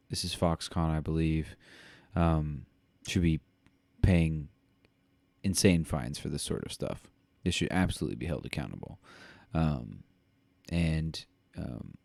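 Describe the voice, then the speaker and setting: A man's voice: a bass voice, creaky, darkish tone, no room sound. A man co-hosting a podcast, reading news aloud and commenting in a rambling way with many fillers. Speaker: podcast co-host.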